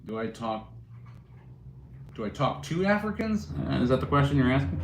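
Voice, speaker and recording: A man runs a casual livestream, answering viewers' comments one after another. He jokes and rambles, often breaking into a chuckle. His voice is mid-pitched and rings in a roomy, echoing space. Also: sing-song, moderate pace, a little hiss or hum. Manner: joking, rambling, chuckling while reading chat. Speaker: livestream host. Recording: roomy echo.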